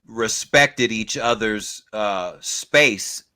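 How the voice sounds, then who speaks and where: A man co-hosting a podcast in casual chat, agreeable and measured, often laughing along. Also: fairly low pitch, pushed and bright. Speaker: podcast co-host.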